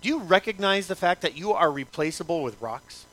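A man's voice: sits high, animated, brisk, a bit bright. A male pastor preaching a sermon in an emphatic, repetitive way, asking the congregation many rhetorical questions.

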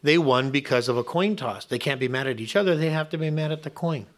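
A man's voice: on the high side, fast. A middle-aged man preaching a sermon in a conversational way, asking the audience rhetorical questions and acting out little scenes. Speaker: pastor.

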